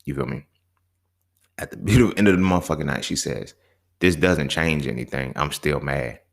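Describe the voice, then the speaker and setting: A young man with a very deep, gravelly voice, telling a story in a casual, profane monologue. He keeps checking in with "you feel me?" and swings from low mutters to sudden high exclaims. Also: moderate pace. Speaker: podcast host.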